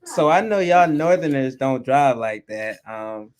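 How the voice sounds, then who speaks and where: A man, hosting a casual livestream from home, laid-back and quick to laugh, calling his viewers y'all. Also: mid-range voice, lively intonation, noisy background. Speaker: livestream host, father. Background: birthday music playing.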